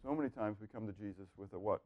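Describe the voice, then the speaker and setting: A man teaching a Bible class, asking questions and waiting for answers, swinging from loud emphasis to near-murmured asides. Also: fairly low pitch, fast talker, no room sound, phone-quality sound.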